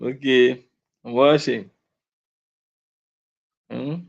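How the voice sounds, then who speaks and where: A man's voice: mid-range voice, steady tone, drawn-out words, gravelly. A man live streaming and chatting casually with his viewers, teasing and chuckling, repeating lines as he reads comments, sounding sleepy. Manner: laid-back, teasing, chuckles often, repeats himself. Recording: slightly dull lo-fi audio.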